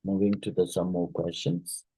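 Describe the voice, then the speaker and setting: A man's voice: deep voice, flat delivery, normal speed, dark tone, breathy edge, dry recording, low-quality recording. A man teaching an exam-prep lesson, reading each question aloud, repeating it, and talking through the answer with fillers.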